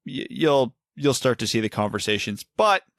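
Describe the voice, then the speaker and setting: A man's voice: mid-range voice, lively intonation, normal speed, a bit bright, no echo, studio quality. A man co-hosting a casual podcast, ranting heatedly and swearing. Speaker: podcast co-host.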